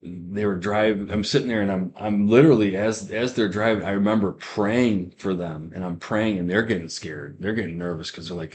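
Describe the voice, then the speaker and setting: A young man with a fairly low voice tells his story of faith for a podcast. He rambles, trips over his words and restarts sentences again and again as he goes. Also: brisk, few pauses, a little mellow. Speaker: guest giving a testimony. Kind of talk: personal testimony on a podcast.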